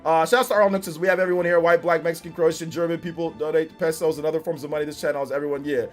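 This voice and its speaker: A male streamer talking off the cuff to his live chat, his voice sitting a little higher than most men's. He is emphatic and repetitive, circling back over the same point, with plenty of slang and frequent laughter. Faint music plays underneath. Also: fairly even intonation, very fast. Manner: rambling and emphatic, repeats himself often; slangy, says "you know what I'm saying" and "bro". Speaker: live streamer reacting to a game trailer.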